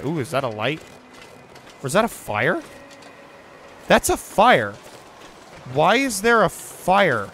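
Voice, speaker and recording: A man's voice: medium pitch, fairly bright tone, a little hiss or hum. A young man hosting a gaming video, giving jumpy, swearing let's play commentary while talking to himself and his viewers. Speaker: gaming channel host.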